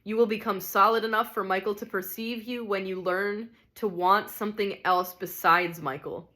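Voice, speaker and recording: A woman voicing a calm, patient male spirit. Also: medium pitch, natural voice. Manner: calm, measured, reasoning. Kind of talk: audiobook character reading.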